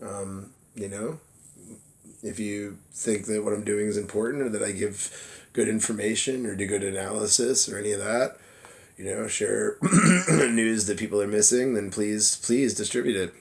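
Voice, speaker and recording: A man's voice: lowish voice, moderate pace, vocal fry. A man blogging casually about politics from his phone, reading an article aloud in a loose, chatty way with plenty of fillers and self-deprecating laughs. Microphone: phone camera app.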